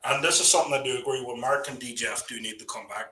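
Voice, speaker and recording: Rambling man with a sharp, distant sound. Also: medium pitch, racing. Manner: rambling, full of "you know" and "right". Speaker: guest storyteller on a live voice chat. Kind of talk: casual chat. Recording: roomy sound from a distant mic.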